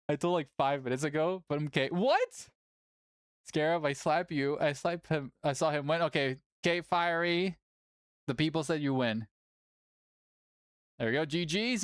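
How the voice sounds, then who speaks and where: A tournament host chatting casually on a livestream, animated, laughing often and swearing casually. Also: medium pitch, smooth, no room sound, studio quality.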